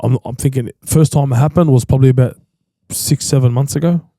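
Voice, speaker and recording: Gravelly, dark-voiced Australian male host. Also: medium pitch, steady tone, fairly quick, no echo. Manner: emphatic, slangy, repeats himself for stress. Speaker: podcast host. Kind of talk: casual chat.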